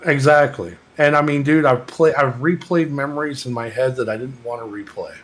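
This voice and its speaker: Over a rough recording, a Texan man with a medium-pitched voice chats at normal speed as a podcast co-host. His talk is casual and rambling, heartfelt, and full of swearing.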